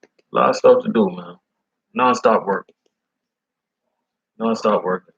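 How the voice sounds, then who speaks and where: Slangy, animated delivery driver man. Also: lowish voice, slow pace, vocal fry, dull audio, slight background noise. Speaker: food service delivery driver. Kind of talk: casual chat.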